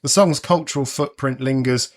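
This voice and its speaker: A man's voice: mid-range voice, moderate pace. A man in his forties hosting a music podcast, reading a scripted narration with wry, sardonic asides. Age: 40s. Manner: wry, conversational commentary with a sardonic edge.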